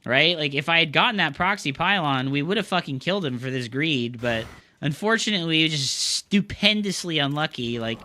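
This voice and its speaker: A young male streamer with a strikingly bright, forceful voice pitched a little high. He rants through his games, swearing freely and talking in loose gamer slang. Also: lively intonation, a little fast. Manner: frustrated ranting, heavy swearing. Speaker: game streamer. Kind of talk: live gameplay commentary.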